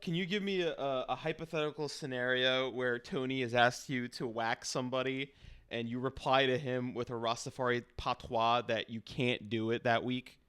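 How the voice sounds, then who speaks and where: A man's voice: medium pitch, fairly even intonation, fairly bright tone, clean tone, no echo. A man streaming a casual chat with an AI character, teasing and playful. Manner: teasing, playful, quick to laugh.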